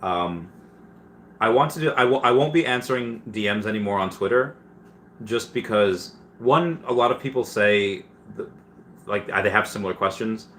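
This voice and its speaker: A man's voice: on the low side, lively intonation, normal speed, fairly bright tone, a little hiss or hum. A man hosting a casual livestream, reading viewer questions aloud and answering them with many fillers and restarts.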